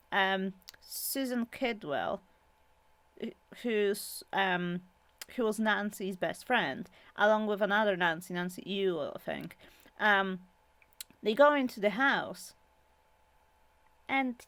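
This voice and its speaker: A woman's voice: mid-range voice, no echo. A woman retelling a true-crime book in a loose, talkative way, piling on fillers and bursting into exclaimed asides. Her voice sits in an ordinary middle register. The recording is close and dry, with no room sound. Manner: animated, exclaiming, quick asides; many fillers and restarts, chatty. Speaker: channel host summarizing a true-crime book. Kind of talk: casual spoken summary with rants.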